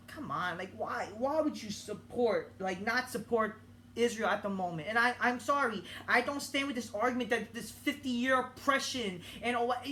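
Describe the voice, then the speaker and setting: A young woman delivering an angry political rant as a vlogger, swearing often and breaking off into halting restarts. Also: on the high side, pushed and bright, slight background noise. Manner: heated, profane, halting with many restarts.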